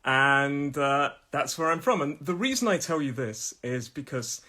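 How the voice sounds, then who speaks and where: A man's voice: on the high side, lively intonation, unhurried, sharp tone. A man from Nottingham with a Midlands accent, hosting a live-streamed English pronunciation lesson from his room in a chatty way, often laughing and repeating himself. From Nottingham, England.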